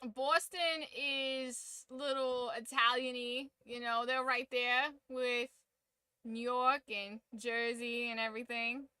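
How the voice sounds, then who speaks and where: A woman's voice: a little high, little pitch movement, takes it slowly, pushed and bright, clear, resonant tone, dry recording. A woman streaming a game, chatting casually with rambling, joking, opinionated asides. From United States. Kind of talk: casual chat while gaming on stream.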